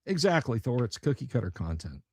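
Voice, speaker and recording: A man's voice: medium pitch, very animated, fairly quick, a little mellow, slightly rough, dry recording. Man, livestream host, blunt and sarcastic, swears freely, dry close sound. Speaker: host of a tabletop gaming channel. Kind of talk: casual livestream chat.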